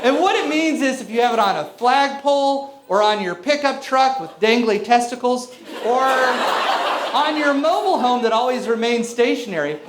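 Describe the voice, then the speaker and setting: A man's voice: extremely high pitch, lively intonation, normal speed. A man in his thirties doing a stand-up comedy set, telling conversational, self-mocking stories on a club stage. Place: club stage before a live audience. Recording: echoey venue with audience noise.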